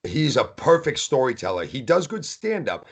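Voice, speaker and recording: A man's voice: mid-range voice, sing-song, normal speed, slightly rough. A man with a New England accent, co-hosting a podcast in casual chat, speaking emphatically and with animation. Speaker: podcast co-host.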